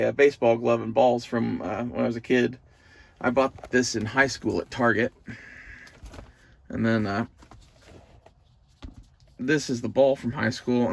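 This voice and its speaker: A man's voice: medium pitch, gravelly. A young man, talking to the camera in a loose, profane, meandering monologue that turns emotional at times. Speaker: vlogger. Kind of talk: casual rambling monologue.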